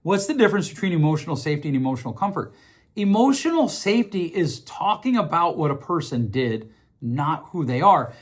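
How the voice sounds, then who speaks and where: Conversational man, slightly high voice. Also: big pitch swings, brisk. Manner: conversational, repeats words while thinking, acts out quoted voices. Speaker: podcast host. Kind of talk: casual explanatory monologue.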